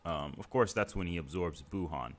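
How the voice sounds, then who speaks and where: A man's voice: deep voice, moderate pace. A man hosting a live stream, talking through scenes one by one in a casual, conversational way with fillers. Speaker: stream host.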